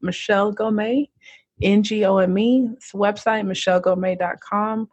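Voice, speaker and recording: Husky-voiced young American woman guest. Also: mid-range voice, fairly even intonation, moderate pace, a little mellow, no room sound. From United States. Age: young adult. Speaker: podcast guest, entrepreneur. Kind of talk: casual interview chat.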